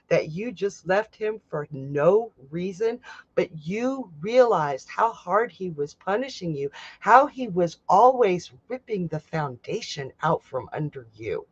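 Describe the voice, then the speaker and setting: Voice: medium pitch, no echo, muffled recording. A psychic host giving a casual live tarot reading, chatty and blunt, swearing freely.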